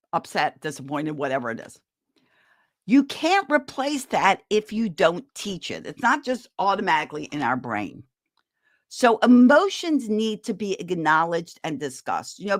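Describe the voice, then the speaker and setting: Lively woman giving a parenting talk. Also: on the low side, no room sound, studio quality. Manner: animated, leads the audience in a laughter exercise. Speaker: parenting speaker. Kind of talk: live-streamed parenting talk.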